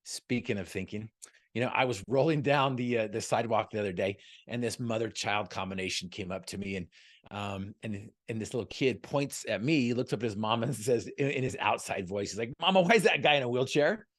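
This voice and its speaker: A man's voice: on the low side, fairly quick. Upbeat joking man speaking on a video call. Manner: joking, storytelling, earnest and upbeat. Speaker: motivational speaker, guest. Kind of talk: motivational talk on a video call.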